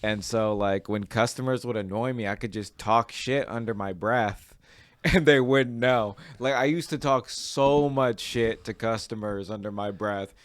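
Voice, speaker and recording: A man's voice: on the low side, measured pace, no echo. A young man guesting on a casual podcast, rambling with lots of "like" and "you know".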